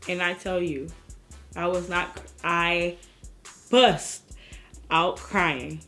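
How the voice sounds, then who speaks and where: A woman's voice: fairly low pitch, measured pace, a bit bright, soft background music. A young woman, telling a story in a casual vlog and acting out the people in it. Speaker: vlogger.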